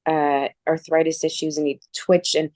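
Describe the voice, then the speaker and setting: A woman with a fairly low voice hosts a relaxed chat show. She tells personal stories with lots of energy and slips into other people's voices as she quotes them. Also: normal speed, dry recording, studio quality. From Canada. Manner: animated storyteller, acts out quoted voices. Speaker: show host. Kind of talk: casual chat.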